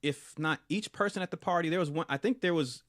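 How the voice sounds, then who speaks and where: A man, a podcast co-host, retelling a film scene in casual review chat, animated and often restarting and repeating words. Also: a little high, fast talker, no echo, studio quality.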